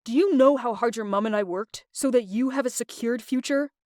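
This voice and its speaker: A woman's voice: fairly high pitch, a little fast, darkish tone, no echo, clean studio sound, lightly acted. A woman voicing a snobbish, domineering middle-aged rich father who talks down to people in a commanding, contemptuous way.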